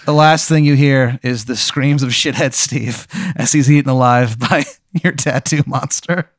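A man narrating an improvised comic scene, rambling and deadpan with many fillers. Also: medium pitch, unhurried, no room sound, studio quality.

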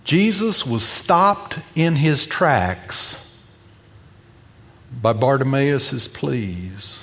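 A man preaching a sermon, telling a gospel story and acting out its voices, moving between loud and hushed. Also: medium pitch, animated, very slow. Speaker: pastor. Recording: long reverb of a hall.

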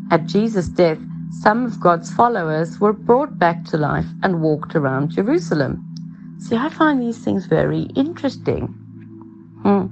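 A woman's voice: lowish voice, darkish tone. A woman giving an informal sermon, conversational and earnest, using everyday examples. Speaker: preacher. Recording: dull lo-fi sound with faint music.

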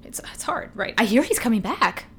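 A woman's voice: a little high, very animated, fairly quick, fairly bright tone, breathy edge. A woman co-hosting a podcast in casual chat, rambling and swearing freely, laughing as she goes. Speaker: podcast co-host.

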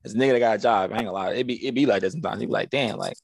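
A young man chatting casually, animated and quick to laugh, often repeating himself as he reacts. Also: fairly low pitch, gravelly, no echo. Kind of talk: casual chat.

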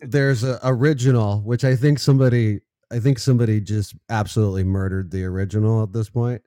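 A man with a lowish, mellow voice co-hosts a casual live news show. He talks slowly with halting restarts and a dry, sarcastic edge. The recording is close and dry. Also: steady tone, smooth, dry recording. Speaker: co-host.

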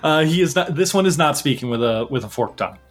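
A man narrating a tabletop role-playing game as game master, animated and halting, often restarting his sentences. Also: on the high side, faint music behind.

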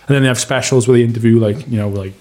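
A man's voice: mid-range voice, fairly even intonation, racing, darkish tone. A man co-hosting a podcast, chatting casually with sweary, rambling banter. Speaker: podcast co-host.

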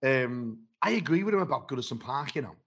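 A man's voice: mid-range voice, lively intonation, a little fast, a bit bright, muffled recording. A man who referees football, chatting on a podcast in a rambling, blunt and matey way with many restarts. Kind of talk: casual podcast chat.

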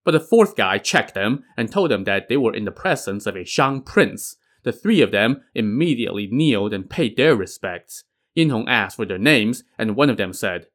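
A man's voice: on the low side, animated, normal speed. A man narrating a classic novel for a podcast, with wry conversational asides. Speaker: podcast storyteller.

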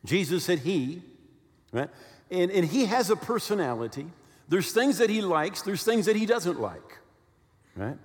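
A man in his sixties preaches in a church hall with a long reverb. His voice sits fairly high and swings up and down as he tells stories and keeps checking in with his listeners. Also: measured pace. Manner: animated storytelling with many "right?" check-ins. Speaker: pastor. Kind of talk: sermon.

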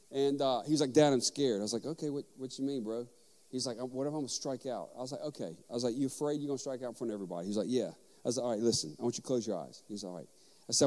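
A man, a father of young children, giving a sermon on parenting with lively storytelling and acted-out dialogue. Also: medium pitch, long reverb tail. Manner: animated storytelling, acting out dialogue. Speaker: pastor.

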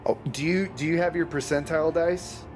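A man's voice: a little high, fairly even intonation, fairly quick, soft background music. A man narrating a tabletop game as dungeon master, casual and profane.

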